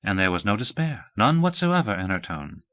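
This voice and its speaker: A man narrating a novel in an audiobook with a measured, expressive reading. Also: lowish voice. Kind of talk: scripted narration.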